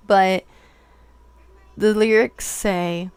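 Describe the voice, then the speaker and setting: A woman tarot reader giving a channeled reading, emotional and halting, full of "like" fillers. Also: mid-range voice.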